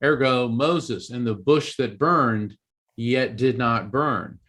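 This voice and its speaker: A slow-paced, mid-range, somewhat bright male voice belongs to an author from East Coast Florida. As an interview guest, he narrates a story with earnest animation, repeatedly restarting what he's saying.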